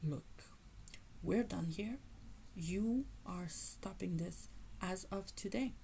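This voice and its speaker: A woman's voice: lowish voice, slow, vocal fry, warm tone, a little hiss or hum. A woman voicing a stern, angry divine father. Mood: firm. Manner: firm, scolding, protective.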